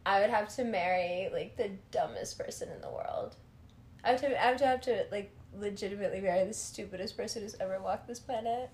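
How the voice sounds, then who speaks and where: A woman's voice: mid-range voice, fairly quick, reverberant. A woman chatting casually, telling stories with swearing and frequent laughter. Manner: animated, profane storytelling with frequent laughter. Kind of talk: casual chat.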